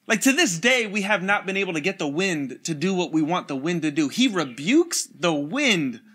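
Bright-voiced, energetic young-sounding preacher. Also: male voice, high-pitched, brisk. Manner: energetic, casual slang, chuckles while preaching. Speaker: pastor. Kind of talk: online sermon with scripture reading.

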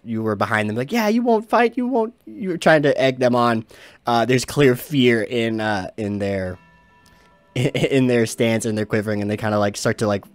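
Low-voiced rambling game master. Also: male voice, no room sound. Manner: rambling narration with many fillers and restarts, laughing. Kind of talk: narrating a tabletop game.

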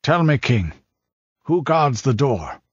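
A sneering Pictish warrior. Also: male voice, mid-range voice, big pitch swings, slow pace, slightly rough, dry recording, lo-fi sound, voice pushed up, full character voice. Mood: guarded scornful. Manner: guarded, curt, sneering. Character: fierce proud Pictish warrior man.

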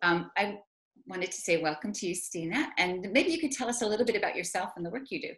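A woman's voice: lowish voice, fast, a bit bright. Canadian woman, author-interviewer, upbeat and chatty on a video call. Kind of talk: casual video call chat.

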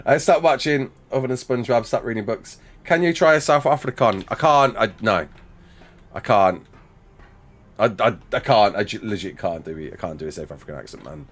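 A man's voice: on the low side, normal speed, pauses often. A man in his thirties chatting casually with his livestream chat while building in a game, reacting with laughs and sudden outbursts.

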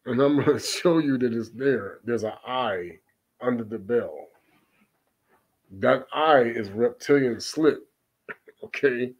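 Man preaching on scripture, mid-pitched voice, reads archaic verses slowly and comments emphatically with constant rhetorical questions. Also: a little mellow, slightly rough, dull audio. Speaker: religious teacher.

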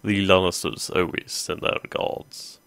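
A man with a low, deep voice commentates on a strategy game as he plays. He thinks aloud casually, pausing often with ums. The sound is dry and close, with no room around it. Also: little pitch movement, creaky, a bit bright, clean tone, no room sound. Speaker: gaming video host. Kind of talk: let's play commentary.

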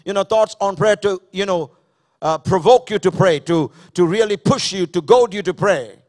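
High-voiced pastor preaching emphatically. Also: male voice. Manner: emphatic, repeats key phrases, questions the congregation. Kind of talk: sermon. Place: church service.

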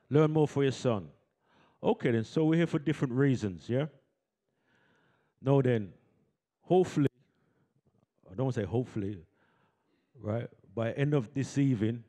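A man's voice: mid-range voice, mellow. A man hosting a community event, coaxing the audience into call-and-response with a handheld microphone. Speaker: event host. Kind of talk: lively audience warm-up.

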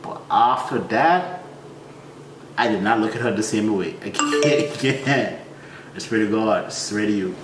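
A man telling a funny personal story in a frank, slangy way, acting out his own reactions with high yelps and low mutters. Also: normal speed, reverberant, far from the mic, very noisy.

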